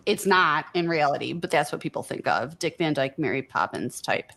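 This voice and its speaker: A woman's voice: low-pitched, moderate pace, gravelly. A woman co-hosting a live paranormal news show, chatting casually and reading out news items. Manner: relaxed, chatty, laughs along.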